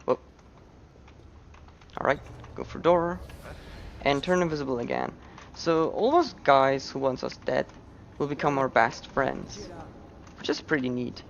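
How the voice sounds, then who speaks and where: Guy joking around while he speedruns, raspy-ish fry, kinda muffled lo-fi headset. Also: medium pitch, unhurried, a little hiss or hum. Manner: relaxed, joking asides. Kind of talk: casual gameplay commentary.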